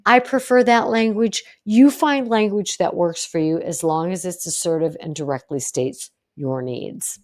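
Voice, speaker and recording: A middle-aged woman hosts a solo podcast from home, speaking earnestly and directly. Her voice sits a little low. She acts out short example phrases as she coaches. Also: a little slow, hardly any pauses, darkish tone. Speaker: podcast host, psychologist. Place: home, deer and fence outside.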